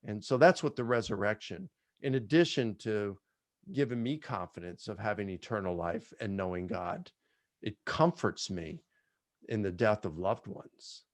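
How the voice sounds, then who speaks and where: A man with a low voice reflects on personal grief while answering an audience question. He is earnest and emotional and often restarts his sentences. The recording is dry and close. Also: moderate pace, no room sound.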